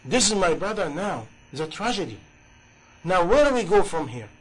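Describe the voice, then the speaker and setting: A man's voice: high voice, sing-song, normal speed, fairly bright tone, slightly rough, low-quality recording. A man preaching a sermon in passionate, English, with many rhetorical questions. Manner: impassioned, rhetorical questions, non-native grammar.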